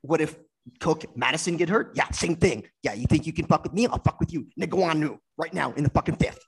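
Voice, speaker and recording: A man's voice: a little high, brisk, creaky, breathy edge. A man co-hosting a casual podcast, full of profane, mock-intense trash talk. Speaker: podcast co-host. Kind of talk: casual joking banter.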